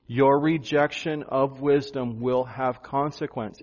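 A male pastor preaching a sermon, animated, jumping up in pitch for emphasis. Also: a little slow, highs cut off.

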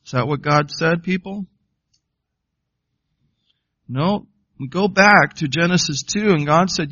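A man's voice: on the high side, slow pace, pauses often, pushed and bright, no room sound. Emphatic male pastor, dull lo-fi sound. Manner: emphatic, quizzes the congregation with questions. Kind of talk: sermon.

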